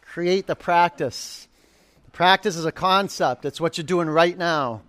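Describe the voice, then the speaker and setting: Yoga teacher guy running a live class, kinda high voice, dry sound, counting down holds and cheering folks on. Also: measured pace, fairly bright tone, no echo. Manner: counts down holds, gives encouraging cues. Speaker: yoga instructor.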